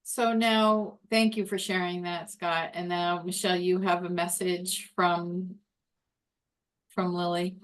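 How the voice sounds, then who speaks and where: Flat, low-voiced woman host. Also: takes it slowly. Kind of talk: hosting a talk show.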